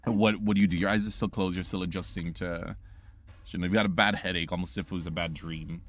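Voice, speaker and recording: A man narrating a tabletop game as game master, rambling and halting with many restarts. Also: deep voice, steady tone, a bit bright, slight background noise.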